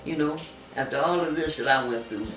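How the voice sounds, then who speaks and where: A man telling his life story in an interview, animated and acting out other people's voices as he talks. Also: a little high, brisk. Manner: animated, acts out voices in quotes. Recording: echoey room, distant mic, music behind.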